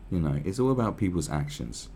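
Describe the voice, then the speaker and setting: A man's voice: low voice, very animated, a little fast, dark tone, slight background noise. A man giving profane, rambling, sarcastic commentary on a news article.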